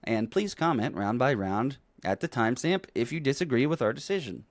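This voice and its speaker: Man, podcast co-host, lively swinging pitch, dry close sound, casual swearing recap. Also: brisk, no room sound. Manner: animated, swearing, laughing recaps. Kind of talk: casual movie recap chat.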